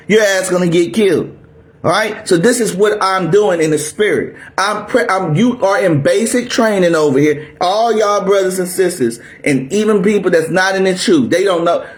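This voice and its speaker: A man preaching a fiery, aggressive sermon, barking at his listeners in a confrontational, drill-sergeant manner. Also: high-pitched. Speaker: preacher teaching scripture.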